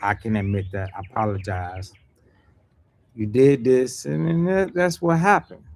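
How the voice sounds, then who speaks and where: A man preaching a sermon emphatically, repeating himself, using street slang and swinging between loud outbursts and quiet asides. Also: medium pitch, steady tone, measured pace, creaky.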